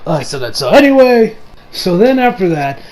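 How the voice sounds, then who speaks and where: A young man casually reviewing an anime episode, excitable and swearing, acting out scenes with sudden shouts. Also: high voice, moderate pace, a crowd in the background.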